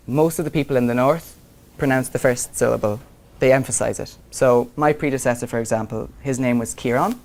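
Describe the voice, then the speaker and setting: A young man lecturing to a university class, relaxed and conversational, thinking aloud with frequent ums. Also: medium pitch. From Ireland. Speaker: visiting lecturer. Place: lecture room.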